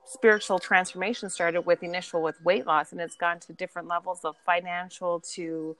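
A woman's voice: on the low side, fairly quick, low-quality recording. A woman chatting on a podcast as a guest, telling stories and acting out the people in them. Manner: animated storyteller, acts out quoted friends. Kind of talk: casual chat.

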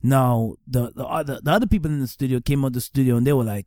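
A middle-aged man gives earnest personal testimony, circling back over his words for emphasis. His voice is warm and mellow. It sits dry and close, with no room around it. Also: mid-range voice, quick pace, few pauses, no echo. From New York, Staten Island. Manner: earnest, repeats phrases for emphasis. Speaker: speaker giving testimony.

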